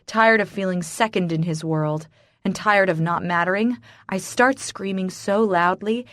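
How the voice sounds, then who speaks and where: A woman's voice: on the low side, no echo, clean studio sound. A woman narrating a first-person romance audiobook in a dramatic, emotionally charged way.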